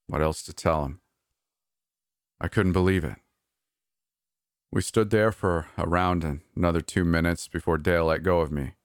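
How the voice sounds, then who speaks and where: Deep-voiced male narrator, earnest first-person storytelling, dry close sound. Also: clear, resonant tone, no echo.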